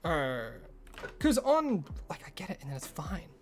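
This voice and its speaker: Chatty male streamer, slightly high voice. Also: sing-song, unhurried. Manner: chatty, greets chat by name, loose asides. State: recovering from a headache. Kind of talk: casual live-stream chat.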